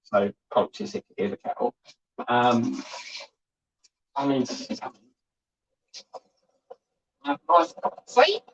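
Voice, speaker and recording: Guy rambling on his model build stream, husky voice, muffled lo-fi audio. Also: mid-range voice, wildly swooping pitch, takes it slowly, pauses often. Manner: chatty, rambling, reads out viewer comments. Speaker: model-kit livestream host. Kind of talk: rambling casual livestream chat.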